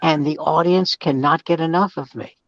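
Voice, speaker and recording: An older man, a comedian, telling a story in a loose, profane, animated way during a casual chat. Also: on the high side, moderate pace, no room sound. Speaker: comedian guest. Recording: dull, dry sound.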